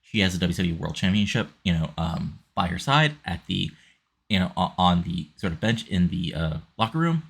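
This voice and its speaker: A man's voice: low voice, animated, moderate pace, creaky, fairly bright tone, breathy edge. A man casually narrating a wrestling sim game, rambling with lots of fillers.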